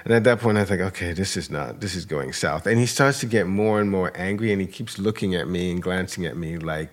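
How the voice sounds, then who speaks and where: Guy w a low voice telling a long story on a podcast, acts out both sides of an argument. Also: fairly quick. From New York area. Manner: animated retelling, acts out both sides of a dispute. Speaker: podcast co-host. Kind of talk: storytelling in casual chat.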